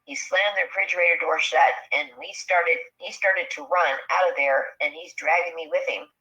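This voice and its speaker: A woman recounts a frightening night in a casual, animated storytelling style, slipping into the voices of the people in it. Her voice sits a little low yet comes across bright and forceful. The recording is dull and lo-fi, much like a phone line. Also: normal speed. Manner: animated, acts out quoted speech. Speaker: guest telling an encounter story.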